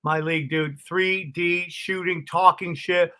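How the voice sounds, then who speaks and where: A middle-aged man, a comedian guest, telling stories in a casual interview, animated and swearing freely, calling people dude and bro. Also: high-pitched, unhurried.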